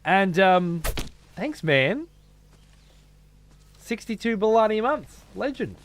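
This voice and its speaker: A man's voice: high-pitched, sing-song, takes it slowly, background noise. A young man giving casual, profane commentary while playing a game and thanking viewers. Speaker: let's play streamer.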